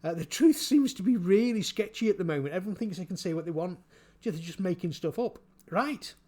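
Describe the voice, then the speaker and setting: A man giving casual spoken commentary, halting and repeating his words, chuckling often. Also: high-pitched. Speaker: vlogger.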